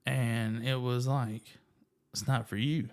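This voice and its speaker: A man shares his faith story with friends in casual storytelling. His delivery is animated and self-deprecating, and he leans heavily on fillers as he talks. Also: medium pitch, takes it slowly. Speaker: guest sharing testimony.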